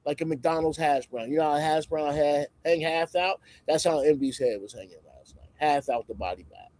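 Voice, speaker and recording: High, animated male livestream commentator. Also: normal speed, no echo, rough recording. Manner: animated and conversational, swings between loud emphasis and muttered asides.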